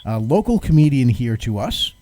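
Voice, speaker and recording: A man's voice: mid-range voice, big pitch swings, moderate pace, dark tone, slight background noise. A man hosting a live talk show, chatting casually, joking and laughing often. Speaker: radio talk show host.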